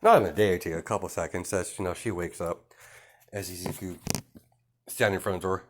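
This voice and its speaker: Brief: lower-voiced guy, casual rambling fan storytelling, lots of fillers. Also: fairly even intonation, fast talker, pauses often, slight background noise. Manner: rambling, many fillers, chuckles often.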